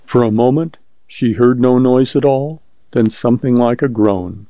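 Gravelly male story reader, dull recording. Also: mid-range voice, dry recording. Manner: measured, steady storytelling. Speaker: volunteer reader of short stories. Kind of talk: audiobook story narration.

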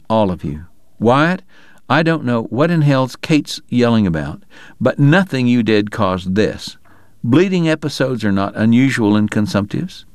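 A man's voice: medium pitch, no room sound, studio quality, lightly acted. A man playing a curt, stern frontier doctor. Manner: curt, commanding.

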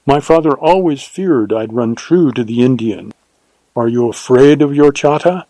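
A man's voice: medium pitch, moderate pace, mellow, no room sound, natural voice, poor audio. A man putting on a proud, spirited young woman. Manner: imperious, teasing, dreamy.

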